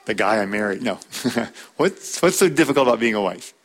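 A man's voice: lowish voice, animated, a little fast. A man teaching a church class on marriage, talking in a conversational way, repeating words and using fillers.

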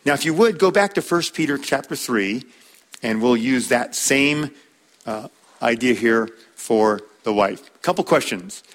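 A man's voice: mid-range voice, lively intonation, a little slow. A man teaching a church class on marriage, talking in a conversational way, repeating words and using fillers.

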